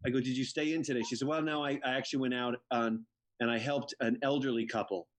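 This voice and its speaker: A man's voice: mid-range voice, fast. A man from Connecticut telling funny family stories on a video call, full of quoted voices. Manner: animated anecdotes, playful mother impressions. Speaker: comedian.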